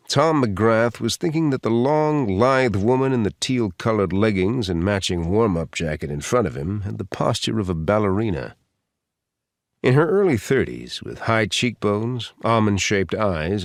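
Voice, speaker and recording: Low, husky male thriller narrator. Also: dry recording, clean studio sound. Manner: dramatic thriller reading. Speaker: audiobook narrator. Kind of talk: scripted audiobook narration.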